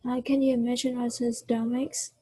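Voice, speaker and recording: A woman's voice: a little high, level tone, normal speed, warm tone, breathy edge, no room sound, rough recording. A woman giving a one-on-one English lesson over a video call, patient, stopping to explain words and correct pronunciation. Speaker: English tutor.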